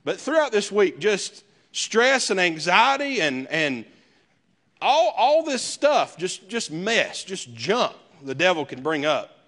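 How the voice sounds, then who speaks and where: A man's voice: high-pitched, very animated, slow, a bit bright. A male pastor, preaching a sermon in a conversational way with folksy asides. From American South.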